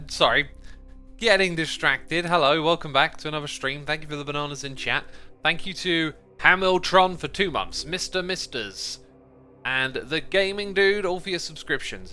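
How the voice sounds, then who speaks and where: Streamer host, man, bright and bouncy delivery, chatty and easily distracted, faint music underneath. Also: on the high side. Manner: chatty, playful, easily sidetracked. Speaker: livestream host. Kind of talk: casual gameplay livestream commentary.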